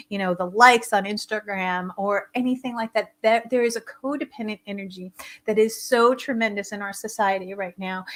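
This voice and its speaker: Woman host, voice going hoarse and scratchy, keen and emphatic, repeats words for stress on a live stream. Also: mid-range voice, a bit bright. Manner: enthusiastic, emphatic repetition. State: hoarse, losing her voice. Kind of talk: live-streamed wellness talk show.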